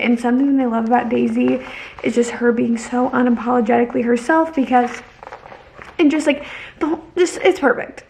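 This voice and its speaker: A woman with a fairly high voice and a lot of vocal fry talks through a book's story in a casual recap. She rambles, restarts her sentences and leans hard on her opinions. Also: fairly even intonation, fairly quick, darkish tone. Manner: rambling, heavy on fillers and restarts; emphatic, opinionated. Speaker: book vlogger.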